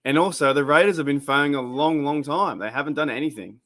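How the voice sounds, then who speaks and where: A fast-talking Australian man with a fairly high pitch hosts a live stream reacting to sports. His chatter is casual and meandering, punctuated by excited outbursts at the plays.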